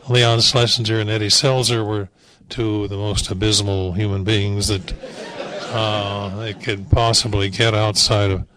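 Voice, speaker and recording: A man's voice: fairly low pitch, fairly bright tone, low-quality recording. An older man, a veteran animation director, reminiscing in a rambling, wryly humorous way, with frequent fillers and restarts. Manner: wry, dryly humorous. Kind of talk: anecdotal reminiscing talk.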